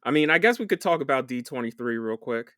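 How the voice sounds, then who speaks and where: A man's voice: medium pitch, lively intonation, quick pace, sharp tone, no room sound, studio quality. A man co-hosting a casual film podcast, joking, swearing and laughing a lot. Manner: joking, profane, laughs often. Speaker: podcast co-host.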